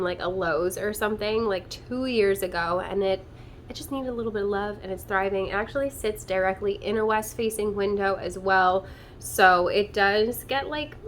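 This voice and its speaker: A bubbly young woman talks casually to her viewers from a room at home, filling her sentences with "like" and "um". Her voice sits in an ordinary middle range. A faint noise hums behind her. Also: medium pitch. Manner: bubbly and chatty, with lots of "like" and "um" fillers. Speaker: plant channel host. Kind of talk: casual vlog. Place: indoors at home among houseplants.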